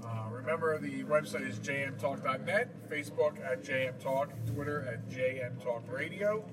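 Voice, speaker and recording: A man's voice: medium pitch, normal speed. A man hosting a show from a moving car, chatting casually and rambling with lots of fillers. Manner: rambling, jokey, many fillers. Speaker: podcast host. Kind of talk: casual chat while driving. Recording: distant mic with loud road noise.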